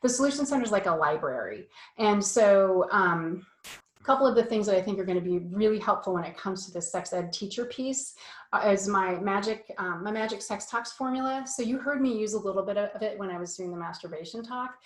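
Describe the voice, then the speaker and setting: A woman's voice: medium pitch, lively intonation, brisk. Chatty woman coach in an echoey room. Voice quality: chatty, full of fillers, self-deprecating. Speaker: parent sex ed coach. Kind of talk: casual online course talk.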